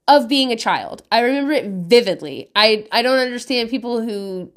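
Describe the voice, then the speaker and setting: Casting: woman, 30s, mom of five, slightly high voice, frank and foul-mouthed, laughs a lot. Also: lively intonation, moderate pace. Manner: candid and profane, laughing often. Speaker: mother of five giving parenting advice. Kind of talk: casual monologue.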